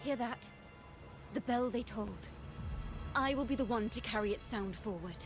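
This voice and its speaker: A woman voicing a calm, quietly defiant young female bard in a game. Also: on the high side, normal speed, natural voice. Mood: resolute. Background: game music.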